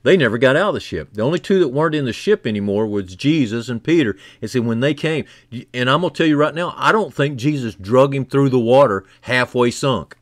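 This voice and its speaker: A man preaching a sermon who builds from quiet, low passages to loud, fervent climaxes and repeats key phrases for emphasis. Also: animated, fairly quick, hardly any pauses, no room sound, studio quality.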